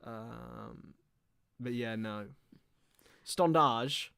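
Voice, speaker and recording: A man's voice: medium pitch, very slow, creaky, fairly bright tone, clean tone, dry recording. A young man hosting a live football watchalong, chatting casually and teasing his co-host. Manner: banterful, teasing, explains league rules.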